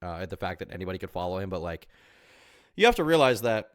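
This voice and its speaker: A man's voice: low voice, very animated, quick pace, dry recording, clean studio sound. A man streaming live and reacting to a video, talking casually in a rambling, argumentative way full of fillers.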